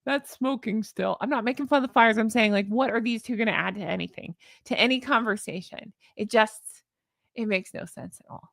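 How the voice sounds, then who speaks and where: A woman's voice: fairly high pitch, a little fast, gravelly, a bit bright, no room sound, clean studio sound. A woman hosting a casual commentary vlog, sarcastic and exasperated as she rants. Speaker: YouTube commentary host.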